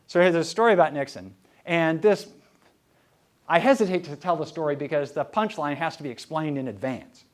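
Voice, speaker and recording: A man with a notably high voice lectures on history to a live audience. He talks conversationally and wryly, weaving anecdotes into his talk. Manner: wry, conversational, storytelling.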